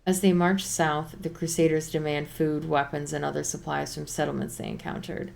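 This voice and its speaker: A weary refugee telling grim news in a quiet, slow and solemn way, as a woman reads the part. The voice is low and gravelly, like a fantasy game's dialogue read aloud. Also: level tone.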